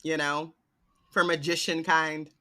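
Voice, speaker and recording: A woman's voice: sits low, level tone, a little slow, sharp tone. A woman co-hosting a podcast, joking and laughing often in a casual book chat. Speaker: podcast co-host.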